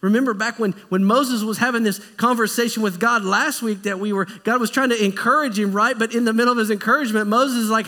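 A man preaching a sermon as pastor, in a conversational, animated style that acts out quotes. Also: sits high, fast, few pauses. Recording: echoey church hall.

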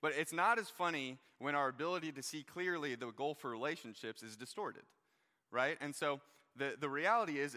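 A young man gives a relaxed sermon to a live crowd. He tells stories and jokes, leaning on "like" and "you guys". His voice is bright and edgy, and a long reverb trails it through a large hall. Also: mid-range voice. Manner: chatty, joking, lots of "like" and "you guys".

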